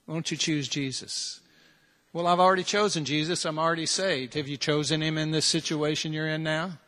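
Man, preacher, slightly high voice, earnest sermon delivery with long hall reverb. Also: a bit bright. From United States. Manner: earnest, direct preaching full of repeated challenges and rhetorical questions.

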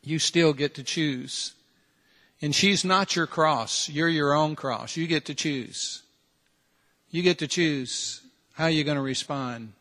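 Man, preacher, slightly high voice, earnest sermon delivery with long hall reverb. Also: fairly bright tone. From United States. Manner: earnest, direct preaching full of repeated challenges and rhetorical questions.

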